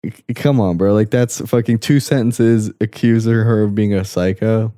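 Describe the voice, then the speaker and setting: A man's voice: lowish voice, steady tone, normal speed, warm tone, no room sound, clean studio sound. A young man co-hosting a crude, casual podcast chat, laughing often and mocking posts he reads out. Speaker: podcast co-host.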